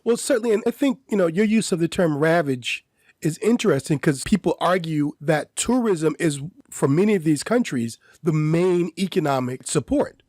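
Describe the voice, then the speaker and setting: A man co-hosting a podcast, his voice a touch high and delivered close to a dry microphone. He talks in a measured, lecturing way, building his argument through strings of questions. His style is that of academic discussion. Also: lively intonation, darkish tone, no echo. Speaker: podcast co-host.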